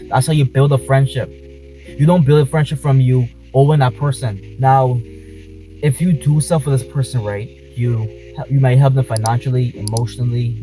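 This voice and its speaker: A man's voice: medium pitch, low-quality recording. A man vlogging from inside a car, speaking passionately and emphatically, repeating his points. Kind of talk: talking to camera in a car.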